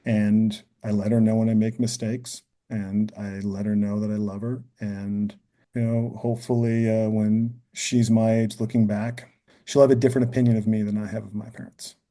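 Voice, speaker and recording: Deep, mellow-voiced man reflecting earnestly. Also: level tone, normal speed. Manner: earnest, thinks aloud, often adds "you know" and "right?". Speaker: podcast guest. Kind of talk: reflective podcast conversation.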